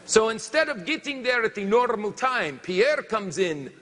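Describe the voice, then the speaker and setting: A man putting on a French-accented lumberjack who tells a comic tale in halting, broken English. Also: high-pitched, big pitch swings, fairly bright tone, big-room sound, heavily acted. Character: boastful male French lumberjack, adult. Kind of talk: comic storytelling on stage.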